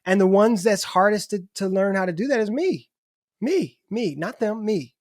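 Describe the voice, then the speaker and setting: A man's voice: high-pitched, animated, normal speed, dry recording, clean studio sound. A middle-aged man talking candidly as a podcast guest, restarting his sentences and swearing casually. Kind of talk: casual conversation.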